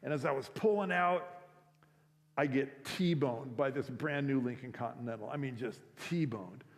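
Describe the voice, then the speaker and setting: A man's voice: medium pitch, a little slow, lightly acted. Guy putting on a drunk young dude, slurry and dazed, voice bouncing around a big hall. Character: drunk young man after a car crash. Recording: echoey hall.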